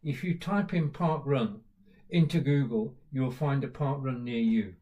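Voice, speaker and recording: A man's voice: medium pitch, unhurried, highs cut off. A British man hosting a casual live stream, chatting loosely and greeting viewers by name with frequent fillers. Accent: British English. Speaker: livestream host.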